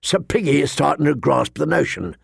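A man voicing a cruel, mocking master-at-arms with a sharp, cold voice in an audiobook. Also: fairly high pitch, sing-song, brisk, gravelly, slightly rough, dry recording, clean studio sound, exaggerated voice. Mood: commanding. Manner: taunting, sneering. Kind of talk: audiobook character voice.

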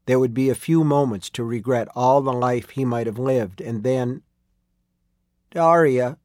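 A man narrating a story in a steady storytelling read. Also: mid-range voice, dry recording, studio quality. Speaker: audiobook narrator. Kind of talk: scripted narration.

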